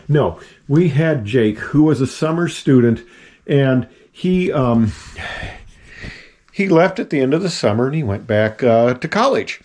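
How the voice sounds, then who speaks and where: An older man in his seventies, a retired pilot and engineer, casually tours his house and attic office, rambling with plenty of fillers and self-deprecating asides. His medium-pitched voice is animated and a little mellow, at a normal speed.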